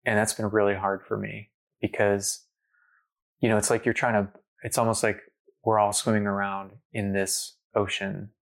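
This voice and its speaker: A man's voice: on the low side, normal speed, creaky. A man telling a long personal story in casual conversation, full of fillers, acting out what people said. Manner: animated storyteller, many fillers, acts out quotes.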